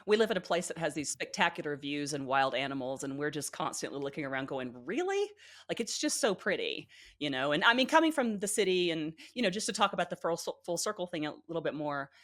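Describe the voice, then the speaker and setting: A middle-aged woman from Georgia, a podcast co-host telling stories in casual chat, lively and laughing often. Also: low voice, fast talker, few pauses. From Georgia, USA.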